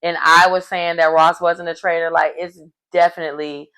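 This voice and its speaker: A woman recapping a reality show episode in casual chat, animated and acting out what people said. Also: lowish voice, moderate pace, low-quality recording. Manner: animated storyteller acting out quotes.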